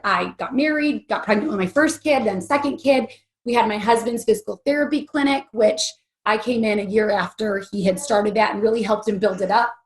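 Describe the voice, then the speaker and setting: A woman in her forties with a slightly high voice appears as an interview guest, telling a candid personal story. She speaks earnestly and emotionally in a chatty way, with many fillers.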